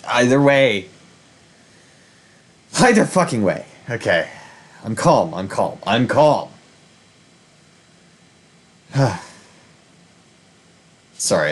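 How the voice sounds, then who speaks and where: A man hosting a casual game playthrough, rambling and swearing in open frustration. His voice is husky and breathy, and his pitch swings widely as he talks. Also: animated, a little slow, pauses often. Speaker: gaming channel host. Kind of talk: casual let's-play commentary.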